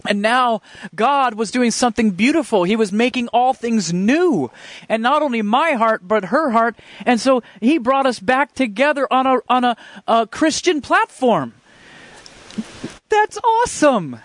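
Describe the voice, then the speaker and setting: A man with a very high-pitched, animated, fairly bright voice shares his faith testimony, recorded with no room sound. He tells it earnestly and emotionally, with fervor, often halting and restarting his sentences.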